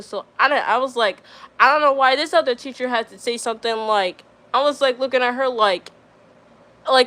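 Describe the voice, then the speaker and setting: A woman's voice: sits high, lively intonation, fairly quick, pushed and bright. A young woman streamer telling a story in casual chat, rambling with lots of fillers and getting riled up.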